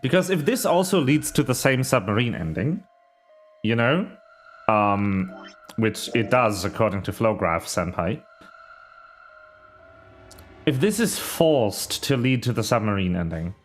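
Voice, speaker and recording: A man reading a visual novel's text aloud on a stream, in a steady mid-pitched voice. He stumbles over a word now and then and breaks off for casual asides. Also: measured pace, long pauses, soft background music.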